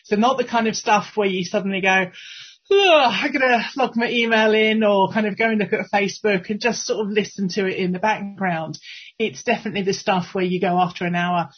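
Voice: mid-range voice, fairly even intonation, brisk, breathy edge, lo-fi sound. A podcast guest and trainer giving chatty, upbeat interview answers over a remote call. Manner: upbeat, chatty, laughs easily.

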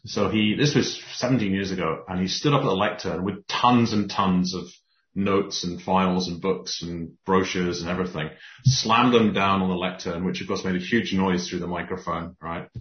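Deep-voiced man telling stories. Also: moderate pace, roomy sound, lo-fi sound. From Scotland. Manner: animated storyteller, many restarts. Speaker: podcast guest. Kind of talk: casual conversation.

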